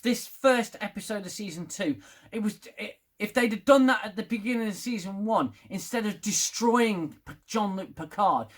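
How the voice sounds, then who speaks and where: A man giving a rambling, casual spoken TV review, swearing and getting worked up as he talks. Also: high voice. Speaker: TV review vlogger.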